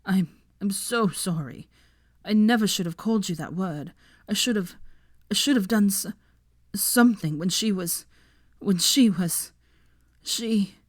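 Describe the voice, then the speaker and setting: A woman's voice: mid-range voice, unhurried, long pauses, breathy edge, dry recording, studio quality. A woman voicing a remorseful, desperate young man in a fan fiction reading, with an urgent, pained delivery. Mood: pleading.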